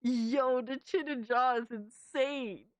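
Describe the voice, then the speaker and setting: A woman's voice: high voice, fairly even intonation, slow, dry recording. A young woman streamer reacting casually to fan images, slangy and exclamatory, often laughing.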